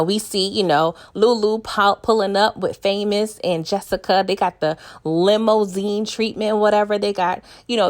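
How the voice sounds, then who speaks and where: A woman's voice: medium pitch, vocal fry. A woman casually recapping a TV episode for her viewers, chatty and loose, often calling out to them directly. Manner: chatty, addresses viewers as y'all. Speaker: TV recap vlogger.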